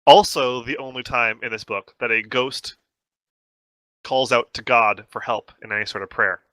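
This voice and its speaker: A man hosting a casual book discussion, talking it through and reading passages aloud in an animated way. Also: medium pitch, moderate pace, no room sound. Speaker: host leading a book discussion.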